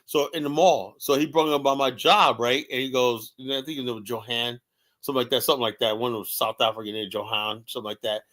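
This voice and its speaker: A man's voice: mid-range voice, fairly even intonation, fast, fairly bright tone. A man, a podcast host, chatting casually and telling anecdotes, often checking in with "right?". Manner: storytelling, repeats "right?" often. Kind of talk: casual chat.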